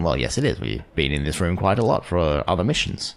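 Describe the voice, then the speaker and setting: A man's voice: low-pitched, big pitch swings, quick pace, gravelly, few pauses. A man hosting a game playthrough, reading dialogue aloud with jokey asides. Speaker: let's play host.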